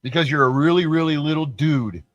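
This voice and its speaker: A YouTuber spews a taunting, foul-mouthed rant at the people he's calling out in his angry vlog. His voice runs on the high side and fairly quick, and the muffled recording has no room sound.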